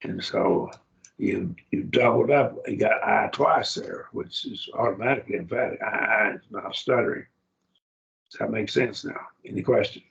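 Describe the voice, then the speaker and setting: A man's voice: fairly low pitch, normal speed, creaky, a bit bright, dull audio. A man teaching a Greek grammar class, explaining patiently and often checking that students follow.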